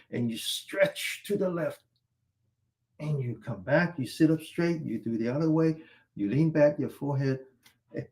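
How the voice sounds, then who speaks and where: A man guiding a qigong exercise class, calmly cueing each stretch and breath step by step. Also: medium pitch. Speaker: qigong instructor. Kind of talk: guided exercise class instruction.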